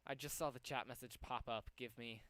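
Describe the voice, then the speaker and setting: A man's voice: medium pitch, steady tone, a little fast, fairly bright tone, clean tone, no echo. A young man live-streaming from home, slightly out of breath, rambling with lots of ums as he works. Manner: rambling, lots of ums, talks to himself while working. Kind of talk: casual live-stream chat.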